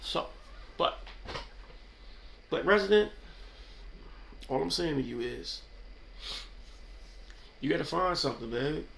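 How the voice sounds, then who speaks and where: High, bright-voiced New man rambling. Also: animated, takes it slowly, vocal fry, long pauses, echoey room. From New York. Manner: slangy, rambling, keeps asking "you know what I'm saying". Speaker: channel host. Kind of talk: casual off-the-cuff commentary.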